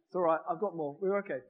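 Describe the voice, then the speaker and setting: High-voiced man preaching in a reverberant church. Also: narrow, tinny audio. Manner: animated, jokes with the congregation. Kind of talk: conversational sermon.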